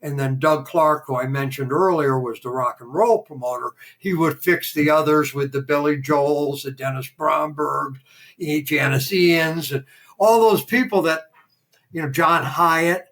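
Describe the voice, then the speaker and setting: An older man telling stories as a podcast guest in a casual interview, lively and acting out the voices of people in his anecdotes. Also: fairly high pitch, measured pace. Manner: animated raconteur who acts out quoted dialogue.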